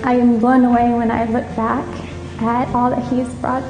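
Woman testifying over soft music. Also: fairly high pitch, level tone, normal speed, highs cut off. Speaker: church member giving testimony. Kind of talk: personal testimony. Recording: echoey hall with music underneath.

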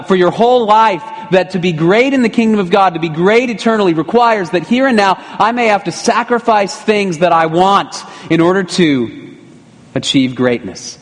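A middle-aged man with a somewhat high voice delivers a sermon as pastor. He keeps it conversational, with rhetorical asides. His voice rings out with the long reverb of a church hall.

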